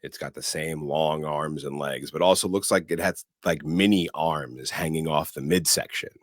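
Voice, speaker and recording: A man with an extremely deep voice tells the story of a film, co-hosting a casual podcast. He narrates in an animated way and drops in sound words for effect. His voice is recorded dry and close, with no room sound. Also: moderate pace, dry recording. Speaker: podcast co-host. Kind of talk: casual movie recap.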